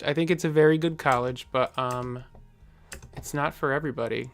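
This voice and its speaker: A man of middle pitch hosts a casual live stream, talking to his viewers as he answers their comments. He rambles and jokes, with plenty of fillers and little chuckles, while faint music and keyboard typing sit quietly behind him. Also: moderate pace.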